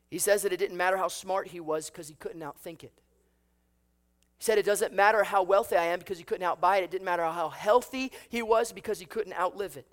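A man's voice: sits high, a bit bright. A man preaching a sermon, telling a story with acted voices and asking the congregation rhetorical questions. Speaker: pastor.

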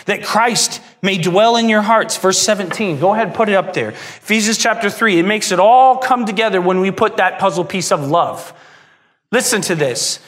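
A man preaching a sermon as pastor, emotional, moving from hushed, tender passages to soaring, impassioned ones. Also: high-pitched, expressive, normal speed.

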